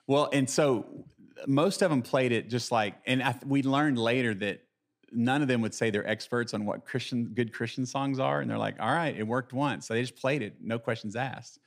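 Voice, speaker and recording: A man who is a guest on a podcast, telling a story in a rambling, halting way, with many restarts. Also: mid-range voice. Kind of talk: casual interview chat.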